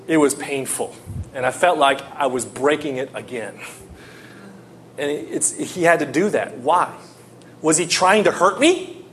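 Animated male preacher, slightly high voice. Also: a little slow, pauses often, slight background noise. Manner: animated storyteller, swings from loud to hushed. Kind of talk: sermon with personal story.

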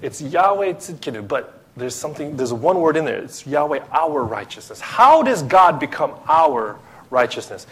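A man preaching a sermon to a small group in a small room, swinging from emphatic, rising lists to low, soft asides. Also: moderate pace, slightly rough. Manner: builds to excited, emphatic lists, then drops low and soft. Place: small room with few listeners.

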